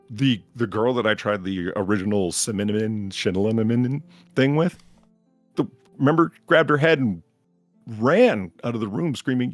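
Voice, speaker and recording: A man's voice: fairly low pitch, creaky. A man co-hosting a podcast in casual banter, sarcastic and ranting. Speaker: podcast co-host.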